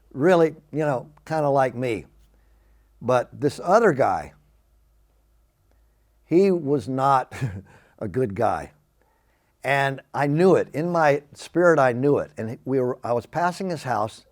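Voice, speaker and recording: An older man from Texas, telling his personal faith testimony in an animated way and acting out the quoted speech. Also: medium pitch. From Texas, USA. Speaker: Christian testimony speaker.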